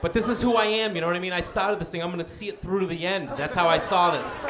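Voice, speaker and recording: A man's voice: high voice, fast talker. A man doing stand-up, telling a long story and acting out the other people's voices. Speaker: stand-up comedian. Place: comedy club stage with a laughing audience. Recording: live club recording, loud crowd and noise.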